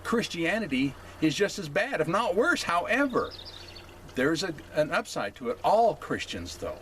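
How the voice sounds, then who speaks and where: A man hosting a casual opinion monologue. He talks haltingly, with many fillers, and keeps checking in with "okay?". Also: fairly high pitch, very animated, a bit bright, slight background noise. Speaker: host.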